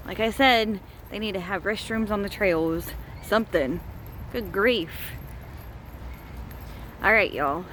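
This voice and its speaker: Woman, folksy chatty vlogger, slightly out of breath, slow unhurried talk, faint outdoor noise. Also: mid-range voice, a bit bright. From US state of Georgia. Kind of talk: casual vlog talk to camera. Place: outdoor trail at a park.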